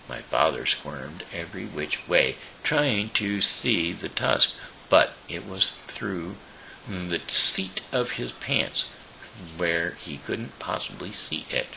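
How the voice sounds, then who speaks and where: Slow, gravelly man reading a storybook. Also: low voice, very animated, pushed and bright, slight background noise, poor audio. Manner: halting, with small slips. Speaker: show host. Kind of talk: storybook read-aloud.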